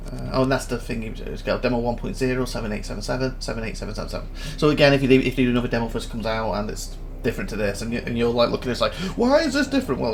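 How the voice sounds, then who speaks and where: A man's voice: mid-range voice, vocal fry, slight background noise. A man casually commentating a game demo, rambling and thinking aloud as he reads through menus. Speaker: gaming channel host. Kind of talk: casual let's-play commentary. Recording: voice over loud game music.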